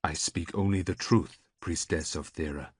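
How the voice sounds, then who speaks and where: A man's voice: deep voice, breathy edge, dry recording, clean studio sound. A man voicing a gloomy old seer. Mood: grim. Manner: quiet, slow and solemn. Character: old gloomy male seer, reluctant prophet.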